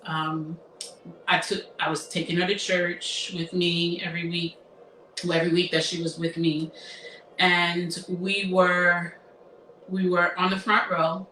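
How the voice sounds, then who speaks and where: This is a therapist in her fifties recounting a personal story with emotion and reflection, her speech often breaking off and resuming. Her pitch is fairly low, but her tone comes across bright and forward. There's roomy echo, a bit of distance from the microphone, and a faint hiss.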